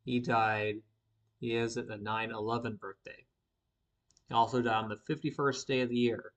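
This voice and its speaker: A man's voice: medium pitch, flat delivery, moderate pace, fairly bright tone. A young man hosting a live stream in a casual, rambling way, with a slight lisp, correcting himself as he goes. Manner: rambling, self-correcting, thinks aloud while reading from screen. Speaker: sports commentator host.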